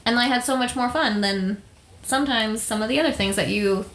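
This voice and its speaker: A woman's voice: fairly high pitch, fairly quick, fairly bright tone, echoey room. A woman co-hosting a podcast, talking casually and filling her speech with "like". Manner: chatty, peppered with "like". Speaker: podcast co-host. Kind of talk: casual chat.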